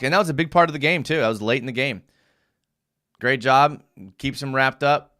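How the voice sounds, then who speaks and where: A young man hosts a live fan show, breaking down game film and getting animated and easily worked up as he reads viewer comments. His voice is medium-pitched and his pace is normal.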